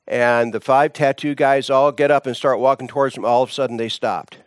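A man's voice: medium pitch, fairly even intonation, brisk, clear, resonant tone, no echo, studio quality. A man preaching a sermon, telling a story with dramatic swings in his voice.

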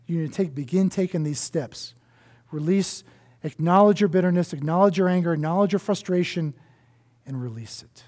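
A male pastor preaching a sermon in an earnest way, often dropping to a soft hush to stress a point. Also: on the high side, normal speed.

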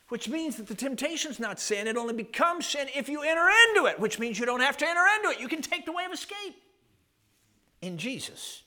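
Bright, lively preacher man. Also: sits high. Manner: animated, storytelling with frequent chuckles and rhetorical questions. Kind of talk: sermon.

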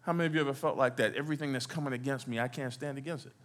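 A man's voice: medium pitch, steady tone, racing. A middle-aged man preaching a sermon as a pastor in a church, asking the congregation questions and waiting for their answers. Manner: call-and-response preaching, asks the congregation questions. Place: church sanctuary.

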